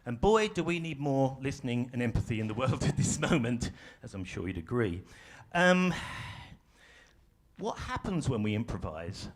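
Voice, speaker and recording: A man's voice: mid-range voice, very animated, moderate pace. A man leading a live workshop for an audience in a ballroom, in a conversational way with self-deprecating humor. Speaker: workshop facilitator. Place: large ballroom stage.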